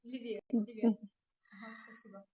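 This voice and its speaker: A woman guide calmly explaining things to visitors inside a church. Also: fairly high pitch, normal speed, lo-fi sound.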